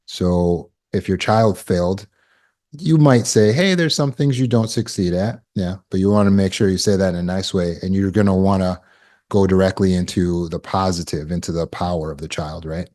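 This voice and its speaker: A man coaching a live online class, encouraging and checking in with "right?" and quick praise. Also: low-pitched, steady tone, warm tone. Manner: encouraging, affirms with "good" and "right?". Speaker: healing coach. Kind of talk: live online teaching session. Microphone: video call.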